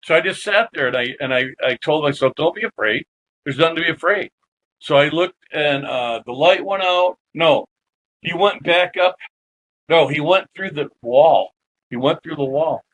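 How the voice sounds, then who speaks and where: A man as a podcast guest, telling a personal story in an animated, casual way and swearing freely. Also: on the high side, normal speed, rough recording.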